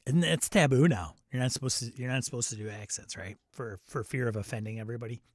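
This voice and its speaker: A man's voice: mid-range voice, fast, no echo. A man with a Midwestern American accent hosts a loose livestream chat. He jokes, rambles and answers his viewers in a mid-range voice. The sound is dry and close. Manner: joking, rambling, talks back to chat. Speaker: host.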